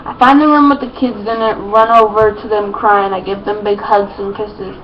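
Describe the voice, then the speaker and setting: A woman's voice: medium pitch, steady tone, normal speed. A woman reading her own story aloud in a plain, unpolished way, with small slips and restarts. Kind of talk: reading fan fiction aloud. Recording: muffled lo-fi with faint noise.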